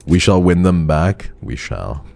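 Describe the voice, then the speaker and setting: A man's voice: sits low, lively intonation, unhurried, creaky, a little mellow, a little hiss or hum. A male streamer giving live commentary on a game, talking to his chat and swearing in frustration.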